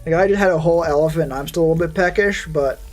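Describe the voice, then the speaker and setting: A streamer talks loosely with their live chat and answers viewers as comments come in. The delivery is sardonic and rambling, full of profanity, at a middling pitch. Soft music plays faintly underneath. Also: racing. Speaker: VTuber streamer.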